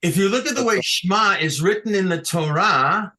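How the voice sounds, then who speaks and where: A man with a high, sharp voice and lively intonation speaks at normal speed on a video call, captured by his computer mic. Teaching scripture chanting online, he goes patiently step by step and keeps checking that his students follow.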